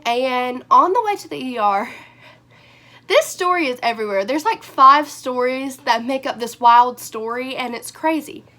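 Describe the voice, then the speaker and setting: Bright, high-voiced young woman vlogger. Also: a little slow. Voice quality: hoarse. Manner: animated, rambling with many fillers. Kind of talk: storytime vlog.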